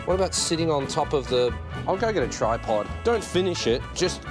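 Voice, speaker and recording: Over music, a car vlogger speaks briskly and expressively in a fairly high voice. He's under a car in his garage, recording himself casually through an external mic on an action camera, grumbling and swearing at the job with self-mocking asides.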